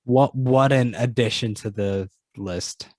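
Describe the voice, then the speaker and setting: A man's voice: medium pitch, slow pace, darkish tone, dry recording. A man co-hosting a casual movie podcast, teasing his partner with mock-hype banter. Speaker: podcast co-host. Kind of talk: casual chat.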